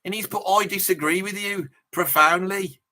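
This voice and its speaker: With a high, pushed, bright voice, fairly even intonation, and a moderate pace, a man acts as a brash metalhead bloke from Birmingham on a live reaction stream. He's blustery, rambling, casually swearing, and laughing at his own gags.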